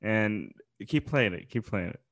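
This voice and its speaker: A man's voice: on the low side, lively intonation, unhurried, a bit bright. A man co-hosting a podcast, reacting in laid-back casual chat. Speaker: podcast co-host.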